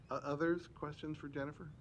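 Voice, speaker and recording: A man's voice: fairly high pitch, slight background noise. A man chairing a public meeting, asking polite, plain questions.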